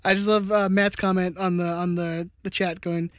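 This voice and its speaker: A man's voice: high-pitched, level tone, normal speed, a bit bright, clear, resonant tone, no echo, clean studio sound. A man hosting a casual sports podcast, playfully teasing his co-hosts and reading out viewer comments. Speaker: podcast host.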